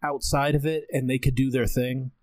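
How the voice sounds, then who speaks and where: A man's voice: medium pitch, flat delivery, normal speed, a little mellow, no room sound. A man in casual chat, laid-back and blunt, swearing casually as he recaps a show.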